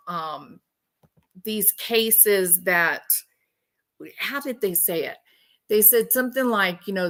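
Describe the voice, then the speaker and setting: A woman with a somewhat low, slightly bright voice hosts a true crime livestream, chatting casually and with animation. She laughs and mocks people by doing impressions of them.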